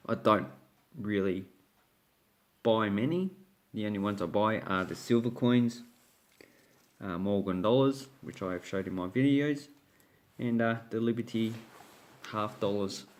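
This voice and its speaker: Low-voiced Australian man talking coins. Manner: relaxed, rambling, corrects himself with uh fillers. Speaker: coin collecting channel host. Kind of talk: casual coin collecting talk.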